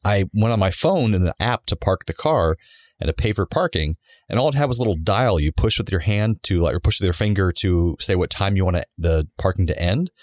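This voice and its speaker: A man on a podcast casually telling a long personal story, animated, acting out the people he quotes. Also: deep voice, a little fast, dry recording, clean studio sound. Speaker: podcast co-host.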